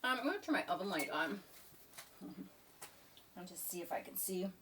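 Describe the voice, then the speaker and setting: A woman's voice: medium pitch, very animated, normal speed, a bit bright, recorded from a distance, a little hiss or hum. A middle-aged woman chatting casually in her home kitchen, rambling and trailing off into asides. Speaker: vlogger. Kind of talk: casual chat.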